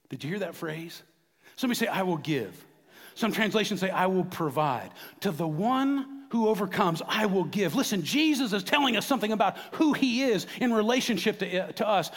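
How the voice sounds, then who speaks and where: A middle-aged man preaching a sermon, swinging between quiet, confiding moments and loud, fervent outbursts. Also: high-pitched, animated, brisk, long reverb tail. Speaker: pastor.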